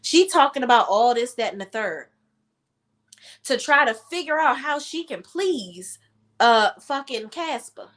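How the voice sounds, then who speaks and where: A high-voiced woman gives heated reality TV recap commentary. She is blunt and profane, and she turns emotional when the talk gets personal. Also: lively intonation, unhurried, fairly bright tone. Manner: emotional while telling a personal story.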